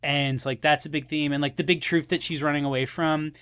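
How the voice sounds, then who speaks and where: A young man co-hosting a casual film chat, retelling scenes with lively quoted voices and frequent laughs. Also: on the high side, brisk, clean tone. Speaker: podcast co-host.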